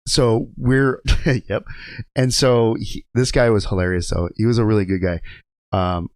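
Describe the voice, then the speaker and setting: A truck driver appears as a guest in a podcast studio, laughing through rambling, profane stories in casual conversation. His voice sits on the low side with fairly even intonation, unhurried, and the recording is dry.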